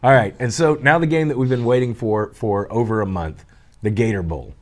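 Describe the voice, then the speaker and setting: A man's voice: fairly low pitch, fairly quick. A man, the show's sports director, running through college sports in an easygoing, joking chat. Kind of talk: casual morning show sports chat.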